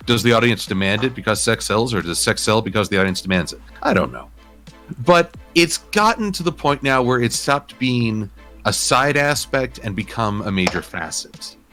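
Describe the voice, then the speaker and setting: Thoughtful, lively-voiced male interview guest. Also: medium pitch, faint music behind. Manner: measured and thoughtful, with frequent "uh" pauses. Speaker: interview guest, digital artist. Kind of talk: casual chat interview.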